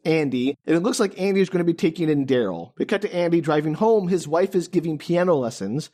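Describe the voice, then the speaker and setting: A man's voice: on the high side, a little mellow. A man co-hosting a podcast, recapping a movie in casual chat with dry, sarcastic asides.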